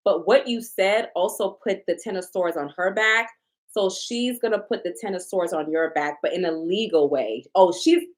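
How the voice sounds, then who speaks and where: A woman talks through a tarot reading in a loose, casual way. Her pitch moves around a lot. She leans on repetition and swearing to make her points hit hard. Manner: emphatic, repetitive, profane. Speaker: tarot reader.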